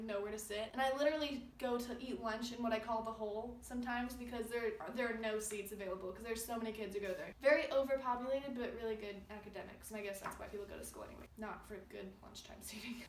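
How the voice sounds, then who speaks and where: A young woman in her late teens vlogging casually, chatty and giggly with many "like"s. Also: a little high. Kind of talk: casual vlog commentary. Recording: echoey room, from a distance, faint music.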